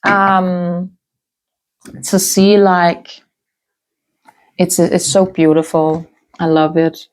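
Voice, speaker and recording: A woman talks through a tarot reading at an unhurried, drawn-out pace. Her voice sits a little low, and she muses aloud, humming softly and restarting her words as she goes. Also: steady tone. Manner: musing, thinks aloud with soft hums and restarts. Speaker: tarot reader. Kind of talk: casual spoken tarot reading.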